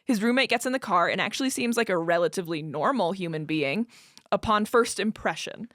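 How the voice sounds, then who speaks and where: Animated woman reading a story aloud. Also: medium pitch, brisk, no room sound, clean studio sound. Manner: animated, laughs often while reading. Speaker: podcast co-host.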